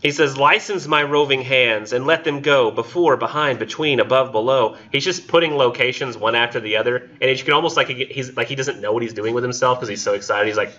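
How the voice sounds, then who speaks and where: A man's voice: mid-range voice, a little fast, few pauses, sharp tone, lo-fi sound. A man teaching a college literature class, reading poems aloud and joking casually about them. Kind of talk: recorded classroom lecture.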